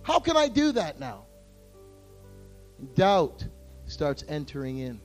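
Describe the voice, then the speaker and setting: Man, pastor preaching, high voice, hushed then loud, faint music underneath. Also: huge pitch swings, slow pace. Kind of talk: sermon.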